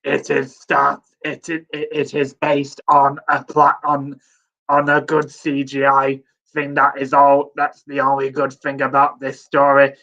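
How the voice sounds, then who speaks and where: A man chatting casually on a stream, blunt and halting. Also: mid-range voice, completely flat delivery, sharp tone, highs cut off. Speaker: guest.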